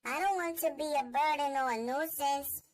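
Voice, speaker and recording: A woman's voice: sits high, moderate pace, lightly acted. A woman voicing a sweet clingy French girlfriend. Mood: tender.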